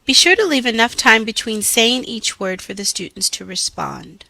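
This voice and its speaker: A woman reading out scripted teaching instructions in a slow, deliberate, carefully enunciated way. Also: fairly high pitch, expressive, vocal fry, pushed and bright, dry recording.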